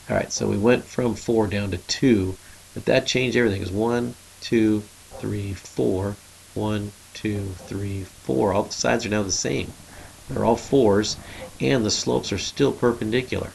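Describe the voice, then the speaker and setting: Male math teacher, low gravelly voice, steady step-by-step screencast explainer. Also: unhurried, slight background noise, low-quality recording. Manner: steady explaining, thinking aloud while drawing.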